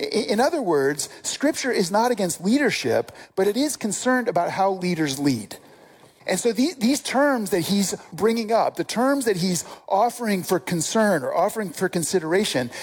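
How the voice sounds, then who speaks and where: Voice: mid-range voice, a little mellow, breathy edge. A preacher giving a sermon on a scripture passage, speaking earnestly and asking the congregation rhetorical questions.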